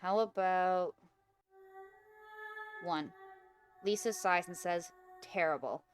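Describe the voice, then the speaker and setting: A woman's voice: mid-range voice, normal speed, faint music behind. Giggly young woman reading a horror game. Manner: casual, giggly, stumbles over words. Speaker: gaming video host. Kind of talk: reading aloud an interactive horror story game.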